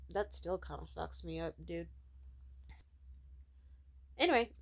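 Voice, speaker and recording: A young woman with a fairly low voice rants casually from her home. She rambles and swears often. She fills her speech with "like.". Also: normal speed, creaky, long pauses. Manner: rambling, profane, many "like" fillers. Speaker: vlogger. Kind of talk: casual storytelling rant. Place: at home, sitting.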